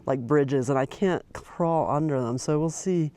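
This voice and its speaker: A woman's voice: low voice, measured pace, mellow. Chatty middle-aged woman out on a hike. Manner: chatty and rambling, with many fillers and restarts. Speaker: hiking vlogger. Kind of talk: casual narration while hiking. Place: outdoors on a mountain trail.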